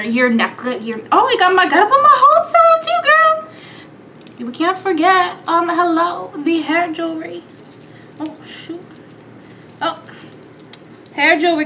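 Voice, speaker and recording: A woman's voice: high-pitched, pushed and bright, a little hiss or hum. A young woman vlogging casually at home, playful and sassy, calling her viewers darlings and girls. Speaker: beauty vlogger. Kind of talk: casual chat.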